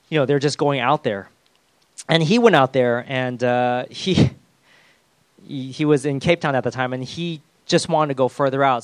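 A man preaching a sermon, talking in a halting way with lots of fillers and restarts. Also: mid-range voice, dry recording. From the West. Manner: hesitant, with many fillers and restarts.

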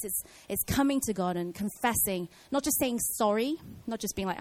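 A woman's voice: medium pitch, normal speed, hardly any pauses, a little mellow, poor audio. A woman giving an informal Bible teaching in a casual way, with many fillers and restarts.

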